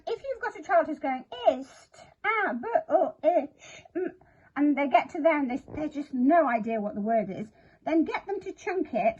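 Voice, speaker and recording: A woman's voice: sits high, a little mellow, muffled recording. A woman explaining a spelling routine in a chatty, self-deprecating way, sounding out word parts as she goes. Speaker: literacy teacher. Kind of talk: instructional talk to camera.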